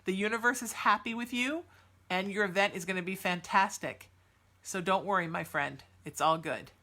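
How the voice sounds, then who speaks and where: A woman's voice: mid-range voice, normal speed, bright, forceful tone. A woman hosting a podcast and giving live psychic readings to chat viewers, soothing and reassuring, chatty with many fillers. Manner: soothing, reassuring, calls listeners sweetheart.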